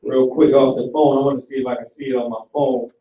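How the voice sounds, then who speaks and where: A man's voice: medium pitch, level tone, quick pace, dull audio. A man teaching a live online class in a casual, slangy lecturing manner. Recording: echoey and distant from the mic.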